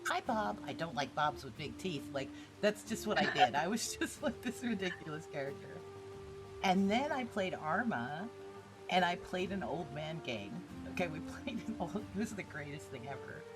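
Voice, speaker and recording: Blunt, animated woman podcast host. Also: on the low side, normal speed, over music. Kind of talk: casual podcast chat.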